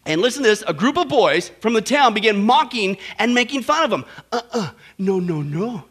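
A pastor preaching a sermon in a jokey, emphatic way, rising to loud exhortations. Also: male voice, very high voice, expressive, a little fast.

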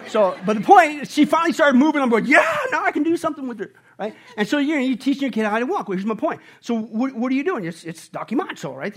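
A middle-aged man delivers a sermon in a lively, conversational way, his fairly high voice swinging widely in pitch. He keeps checking in with "right?" and acts out little family scenes with playful put-on voices. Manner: animated, conversational preaching with frequent "right?". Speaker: pastor.

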